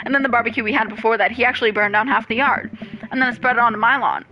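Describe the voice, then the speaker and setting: A woman's voice: a little high, steady tone, very fast, muffled recording, slight background noise. A woman casually reading a visual novel game aloud, chatty, reacting, swearing and laughing along. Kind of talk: casual let's play narration with reactions.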